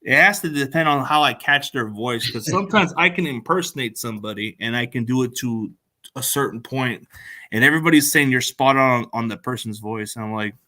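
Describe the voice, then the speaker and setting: A playful man co-hosting a loose sports talk show, with a bright, forward voice. He jokes easily and keeps his talk relaxed. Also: medium pitch, a little fast. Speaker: co-host. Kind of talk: casual sports chat.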